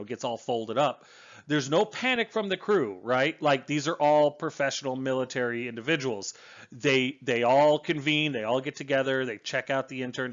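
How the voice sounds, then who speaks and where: A man's voice: a little high, a bit bright, lo-fi sound. Rambling, enthusiastic male book reviewer. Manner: enthusiastic, rambling with fillers and restarts. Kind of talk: casual spoken book review.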